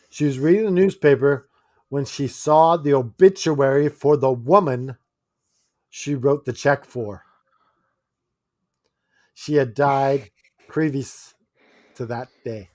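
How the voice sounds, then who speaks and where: A man's voice: a little high, slow, pauses often, darkish tone, dry recording. A man co-hosting a casual podcast, telling stories and laughing often as he acts out quoted lines. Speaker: podcast co-host. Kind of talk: casual chat.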